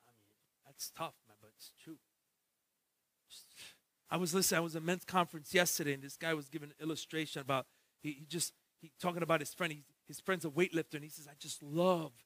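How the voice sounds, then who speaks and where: A man preaching a sermon as pastor, switching between loud shouted exhortation and quiet, joking asides in casual slang. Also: on the high side, no room sound. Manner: jokey, street-slang storytelling.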